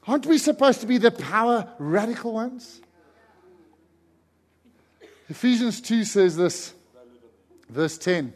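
A middle-aged man preaching a sermon, telling a story with animated energy and shouting in its excited stretches. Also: sits high, normal speed, pauses often. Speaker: pastor. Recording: long hall reverb.

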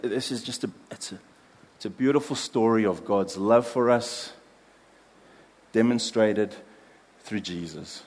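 A man preaching a sermon as pastor, earnest, dropping soft for prayers and building emphasis in lists. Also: on the low side, husky, long reverb tail.

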